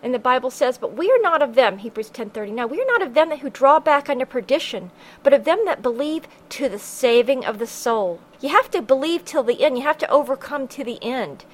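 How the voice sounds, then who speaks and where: A woman's voice: high-pitched, animated, a little fast, poor audio. A woman hosting her own religious podcast, speaking earnestly in a preachy way and quoting scripture in old-fashioned wording. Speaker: podcast host.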